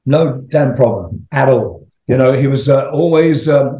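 A man's voice: mid-range voice, moderate pace, warm tone, reverberant. An older man, a rock singer as interview guest, telling long rambling stories with laughs and swearing. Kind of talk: casual storytelling.

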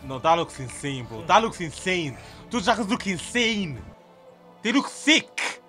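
A young man co-hosting a reaction video, hyping loudly and repeating his lines in slangy casual chat. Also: high voice, sing-song, a little slow, faint music behind.

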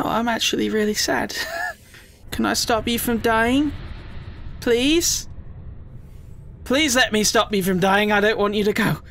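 A man giving chatty, emotional let's play commentary, often squealing up high in excitement. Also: normal speed, a little hiss or hum.

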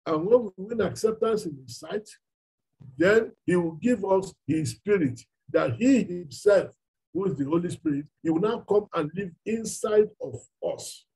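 Nigerian man preaching, raspy voice, high pitch, emphatic, rhetorical questions. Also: expressive, a little slow, darkish tone, low-quality recording. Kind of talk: sermon.

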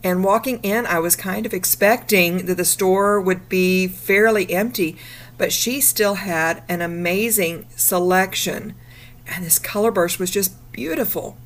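A woman, chatting upbeat in a casual travel vlog, her voice a little rough from the morning. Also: medium pitch, a little slow. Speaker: vlogger.

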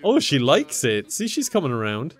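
A man's voice: mid-range voice, wildly swooping pitch, normal speed. A young man giving casual gameplay commentary, often laughing, swearing and joking with the characters on screen. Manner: talks to game characters in silly mock voices. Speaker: gaming commentator.

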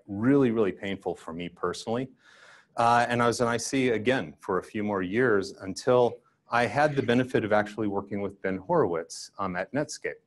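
An older man giving a conference talk, telling self-deprecating stories and acting out his younger self. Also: lowish voice. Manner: self-deprecating storytelling, acts out his past self. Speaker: guest speaker.

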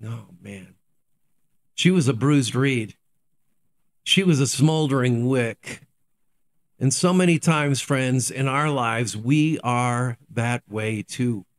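A man's voice: mid-range voice, takes it slowly. A man, a pastor giving a daily devotional sermon, earnest and repetitive, asking rhetorical questions and answering them.

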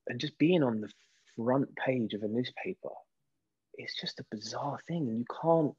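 Husky British man telling stories. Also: mid-range voice, moderate pace, muffled recording. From Britain. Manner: lively storyteller who acts out quoted voices. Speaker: guest actor. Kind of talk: casual interview chat.

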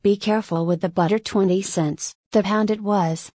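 A woman's voice: mid-range voice, steady tone, normal speed, warm tone, slightly rough, no echo, clean studio sound, lightly acted. A woman reading the lines of an anxious, fussy old male ship owner in an audiobook, rambling through his farewells. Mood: fretful. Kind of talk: audiobook narration.

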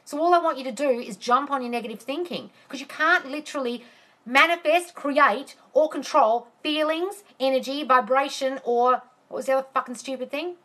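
A woman with a high-pitched, a bit bright voice coaches manifestation on a live stream at a moderate pace. Answering comments, she's blunt and profane, launching into exasperated rants and calling viewers darling.

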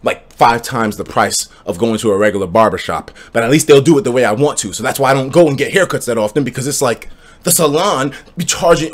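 Animated young man ranting on a livestream. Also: medium pitch, fast. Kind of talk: casual livestream rant and chat reading.

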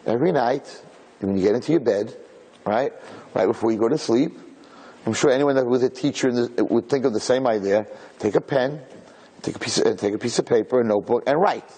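Man, rabbi, storytelling Torah lecture, husky, slightly high, hall reverb, animated and repetitive. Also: fairly quick. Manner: animated storyteller, repeats words, rises to shouts at the climax. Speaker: rabbi giving a Torah class.

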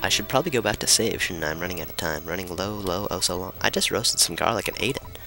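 A man with a low voice gives irreverent let's play commentary, swearing and cracking jokes as he plays. He keeps his voice somewhat hushed in a room at home, though its tone stays bright and forceful. Soft music plays underneath. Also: fast. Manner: irreverent, joking, swears freely. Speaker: gamer.

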